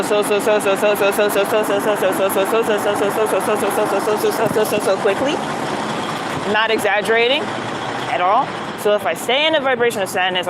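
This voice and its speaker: A young woman, talking casually and animatedly on a live stream while walking around outdoors. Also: mid-range voice. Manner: chatty, animated, spiritual talk, swings to loud excitement. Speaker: livestreamer. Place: outdoors in a city, walking with bags. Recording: outdoor street noise behind.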